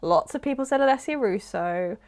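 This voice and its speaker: A woman's voice: fairly high pitch, expressive, brisk, a little hiss or hum. A woman podcast producer, easygoing, reading out listener messages in casual chat.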